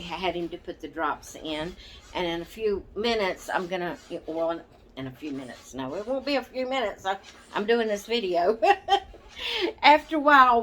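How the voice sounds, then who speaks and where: An older woman with a drawl talks to her camera in a rambling, homey chat. She laughs often and corrects herself. Her voice sits a little low, with a faint room hiss behind it. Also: fairly bright tone. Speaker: vlogger.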